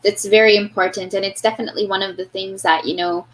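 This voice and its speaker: A woman's voice: medium pitch, fairly even intonation, fast, poor audio. A woman, a teacher, answering as an interview guest in a reflective way. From Canada. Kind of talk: conversational interview.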